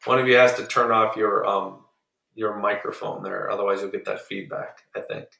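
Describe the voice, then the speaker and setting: A man teaching Spanish to a small group over a video call, patiently drilling and repeating words slowly. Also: lowish voice, steady tone, vocal fry, sharp tone, echoey room, recorded from a distance, poor audio. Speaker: Spanish tutor. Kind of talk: online group lesson.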